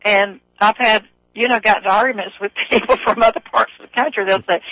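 A woman's voice: medium pitch, fairly even intonation, brisk, hardly any pauses, dry recording. Chatty Southern woman calling in on the phone. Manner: chatty, rambling, laughs often. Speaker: caller. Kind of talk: phone-in radio chat. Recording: dull phone line over radio.

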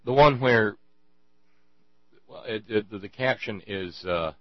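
Deep-voiced sarcastic male host. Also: no echo, lo-fi sound. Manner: sarcastic, rambling, halting with many restarts. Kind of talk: casual commentary.

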